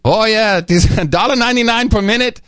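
A man's voice: high voice, moderate pace, a bit bright, clean tone, dry recording, studio quality, pitched above the performer's own voice. A man putting on an Indian call agent. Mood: politely upbeat. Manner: overly polite, upbeat sales patter. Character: polite male phone-company agent.

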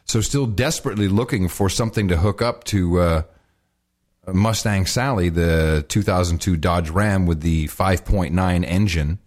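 A man co-hosting a podcast, chatting casually with grumbling, animated banter. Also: low-pitched, normal speed. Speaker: podcast co-host.

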